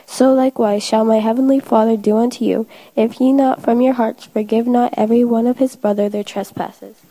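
Gravelly-voiced woman reading scripture. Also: a little high, fairly quick, low-quality recording. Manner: steady reading of old-fashioned verse, occasional slips. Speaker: scripture reader.

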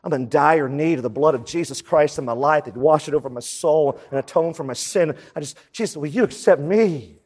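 A pastor preaches in a conversational style, his husky, darkish voice pitched slightly high, tossing in quick asides between points. The long reverb of a large hall hangs over everything.

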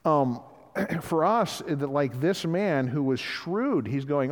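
A man's voice: a little high, expressive, slow pace, big-room sound. A man preaching a sermon in a conversational way, often acting out the voices of people he quotes. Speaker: pastor.

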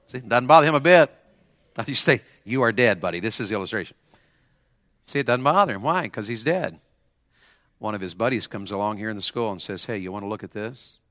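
A man's voice: lowish voice, expressive, fairly quick, fairly bright tone, dry recording, clean studio sound. A man preaching to students, using a volunteer as an illustration and leading them in call-and-response phrases. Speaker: preacher at a school chapel. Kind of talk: sermon to students.

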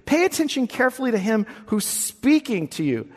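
A male pastor delivers a sermon emphatically, often repeating words to press his point. His voice is very high, swings widely in pitch, and moves at a brisk pace. A long hall reverb surrounds the recording.

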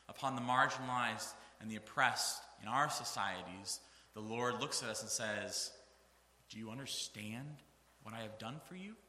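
A man's voice: mid-range voice, pushed and bright, echoey room, in a large hall. A man preaching a sermon, reading scripture aloud with earnest, rising emphasis.

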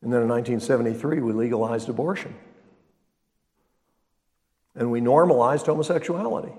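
Older male pastor, emphatic sermon delivery with loud-to-quiet swings; long church reverb. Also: medium pitch, a little fast. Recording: long reverb of a large hall.

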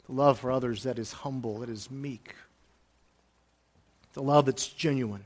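A man preaching a sermon as pastor, moving between soft, hushed lines and raised, emphatic ones, and repeating key phrases for emphasis. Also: medium pitch, normal speed.

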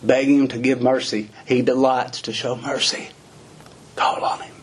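Husky folksy man preaching. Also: mid-range voice, flat delivery, unhurried. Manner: folksy, questioning, with rural American phrasing. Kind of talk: sermon.

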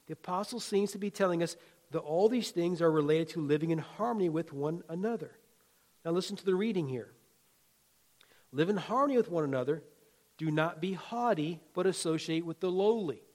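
Preaching in a folksy, chatty way, this pastor mixes in jokes and asides and hammers his points with emphatic, rhythmic repetition. His voice sits a little higher than most men's, brisk with a darkish tone.

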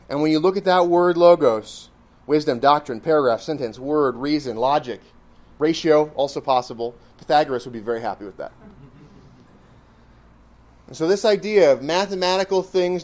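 Male preacher, somewhat higher voice, emphatic teaching sermon delivery. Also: darkish tone. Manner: emphatic, reasoning step by step.

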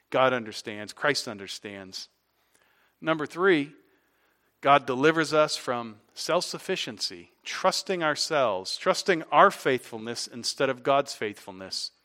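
A man preaching a sermon as pastor, conversational, asking the congregation questions and swinging from loud emphatic points to quiet low asides.

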